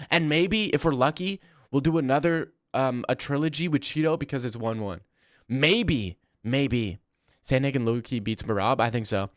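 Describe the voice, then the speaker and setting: A man's voice: medium pitch, no echo, studio quality. A man in his twenties chatting casually on a live stream, rambling bluntly and swearing freely. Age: 20s.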